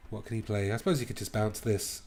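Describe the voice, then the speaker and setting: A man's voice: fairly low pitch, fairly even intonation, fast talker, a little mellow. Playful man narrating card games. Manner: playful and crude, thinking aloud. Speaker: gaming video host. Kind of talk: live card game commentary.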